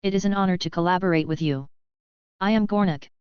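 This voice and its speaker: A small, cold male goblin speaks with stiff formality, read by a woman in an audiobook. The voice sounds smooth and lowish. The recording is dry and slightly muffled. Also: fast, dry recording, natural voice. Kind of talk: audiobook character reading.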